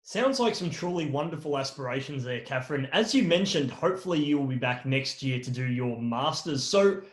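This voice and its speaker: A man's voice: mid-range voice, lively intonation, a little fast. A man hosting an interview show, upbeat and a bit theatrical, reading a scripted intro before asking questions. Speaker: podcast host. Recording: roomy echo.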